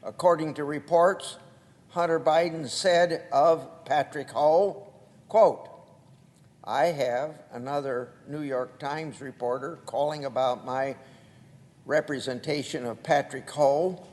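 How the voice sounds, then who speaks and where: An older man, a senator, giving a formal floor speech read from documents, with a slow, halting delivery that marks each quotation. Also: fairly high pitch, fairly even intonation, a little mellow. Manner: slow, deliberate, halting delivery with marked quotes. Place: large legislative chamber. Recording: long reverb of a large hall.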